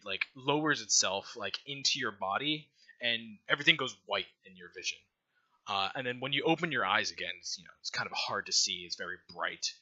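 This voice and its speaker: A man's voice: medium pitch, pushed and bright, dull audio. A man narrating a tabletop game as game master, loose and casual and full of "like" and "uh".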